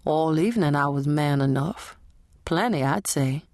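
Audiobook: a woman playing a smooth young male lover, teasing, unhurried, a bit low. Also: darkish tone, dry recording, studio quality. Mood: easygoing.

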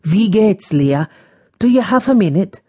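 A woman's voice: medium pitch, lively intonation, a little slow, mellow, slightly rough. A woman narrator voicing an eager young farm man, breathless from running.

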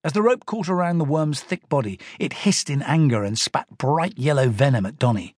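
A man narrating a children's audiobook in an animated storytelling manner. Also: a little high, normal speed, dry recording, clean studio sound.

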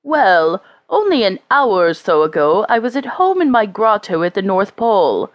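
A woman voicing a kind, jolly old Father Christmas in a gentle, deeper voice. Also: very animated, moderate pace, no echo, lo-fi sound, close to an everyday voice. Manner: gentle, deep, strong voice.

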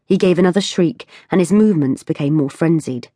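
Low husky woman reading a novel. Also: fairly quick, warm tone, dry recording, clean studio sound. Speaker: audiobook narrator. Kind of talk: scripted narration.

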